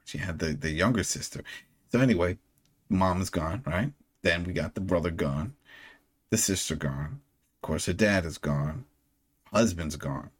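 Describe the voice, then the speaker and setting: A man's voice: sits low, a little slow, long pauses, slightly rough. A man co-hosting a podcast, casually recapping a TV episode and acting out characters' lines as he retells scenes. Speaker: podcast co-host. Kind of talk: casual show recap chat.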